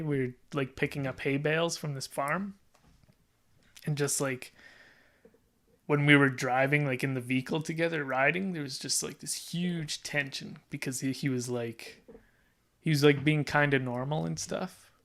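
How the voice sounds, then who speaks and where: High-pitched, gravelly man telling a story. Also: fairly even intonation, normal speed, fairly bright tone. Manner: rambling, full of "like" and restarts, laughs as he talks. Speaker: podcast guest. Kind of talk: casual storytelling.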